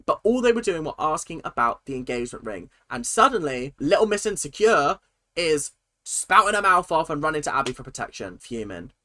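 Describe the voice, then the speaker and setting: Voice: mid-range voice, sing-song, fairly quick, sharp tone, no echo, studio quality. A host ranting indignantly while reacting to a TV show, in heated, fired-up commentary.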